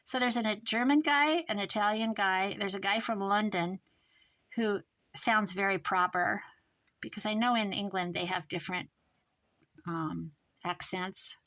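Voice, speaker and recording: A woman talking casually and rambling off topic as she works on a craft project, her voice trailing off quieter at times. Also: medium pitch, a little slow. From American Midwest. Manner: rambling, thinks aloud while working, drifts quieter. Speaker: craft vlogger. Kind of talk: chatty crafting monologue.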